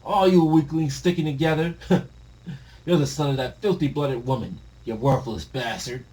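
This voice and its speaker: A man's voice: on the high side, normal speed, mellow, lightly acted, poor audio. A man voicing a cruel, arrogant young giant prince in a manga read-aloud, talking in a mocking, sneering way.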